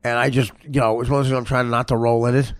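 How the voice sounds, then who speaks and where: A male podcast host rambles through crude comic stories, stammering and laughing at his own jokes. His mid-range voice stays level in tone while racing along, with no room sound.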